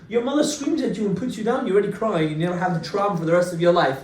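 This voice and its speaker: A man, a rabbi, giving an informal Torah class with animated storytelling, swinging his pitch and loudness for emphasis. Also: racing, hardly any pauses, roomy sound, distant mic, rough recording. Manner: talks to class, asides to listeners.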